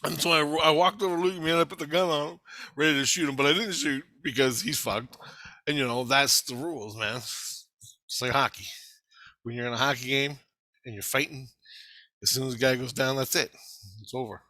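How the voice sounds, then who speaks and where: Profane, excitable man with a bright voice. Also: medium pitch, normal speed, no room sound. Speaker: vlogger recounting a vision. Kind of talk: casual storytelling.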